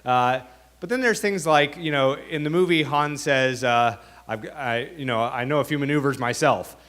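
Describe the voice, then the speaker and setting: A man's voice: mid-range voice, moderate pace, fairly bright tone. A man, an author, speaking to a school audience in a chatty way with many fillers and restarts. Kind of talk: reading aloud then explaining to an audience. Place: school auditorium.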